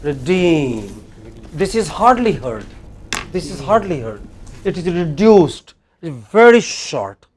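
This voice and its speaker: Slow Indian English teacher. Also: male voice, high-pitched, very animated. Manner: slow and deliberate, asks the class questions often. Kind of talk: classroom lecture. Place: classroom.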